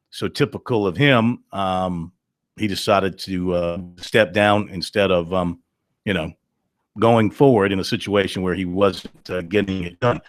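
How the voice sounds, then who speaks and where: A man's voice: on the low side, no echo, clean studio sound. A man hosting a call-in sports radio show, chatting in a folksy, storytelling way with plenty of fillers. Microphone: studio microphone.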